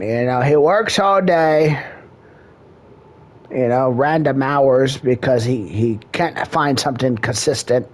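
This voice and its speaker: A man playing a mock marriage counselor in crude improvised comedy, drawling in a mock-serious way. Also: medium pitch.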